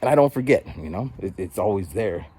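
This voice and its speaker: Forties male vlogger, husky, lively delivery, mimics others mid-story while walking outdoors. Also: lowish voice, brisk. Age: 40s. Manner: animated, acts out other people's voices. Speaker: vlogger and rapper. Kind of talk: rambling casual monologue while walking. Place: outdoors on a walk.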